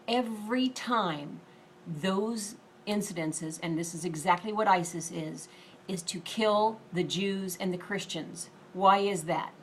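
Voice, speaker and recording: Earnest woman minister, lowish voice. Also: a little hiss or hum. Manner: earnest and emphatic, reads scripture quickly. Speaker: deliverance minister. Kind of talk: sermon-style video message.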